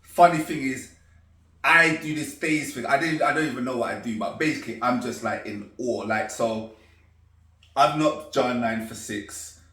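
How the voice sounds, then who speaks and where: Guy telling a wild story all animated, bright punchy voice, kinda echoey. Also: mid-range voice, normal speed. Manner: animated, excitable, laughing as he tells it. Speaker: storyteller guest. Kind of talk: casual storytelling chat. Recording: echoey room, distant mic.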